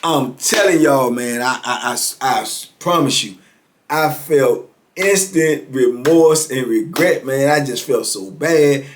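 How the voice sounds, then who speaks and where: A man in his fifties telling a story in a casual, animated way, repeating himself and acting out the voices of others. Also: medium pitch, slow pace, a little hiss or hum. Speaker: host telling a life story.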